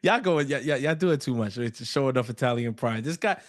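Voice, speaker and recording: A man's voice: medium pitch, lively intonation, a little fast, no echo, studio quality. A man co-hosting a fan talk show in casual chat, opinionated and full of loose slang. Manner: opinionated, loose slang, talks through his points.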